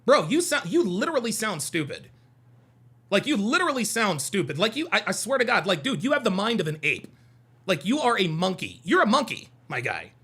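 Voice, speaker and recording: A man's voice: high voice, big pitch swings, fairly quick, bright, forceful tone, breathy edge. A man hosting a heated livestream, reading out chat comments and arguing with them in a combative, mocking way, repeating his points.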